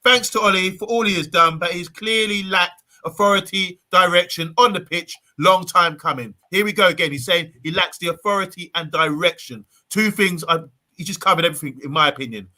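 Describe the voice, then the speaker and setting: Man, live stream host, bright sharp voice, higher pitched, bossy and playful. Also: fairly quick. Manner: bossy and playful, reads out viewer comments. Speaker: host of a live fan show. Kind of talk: casual live-stream chat.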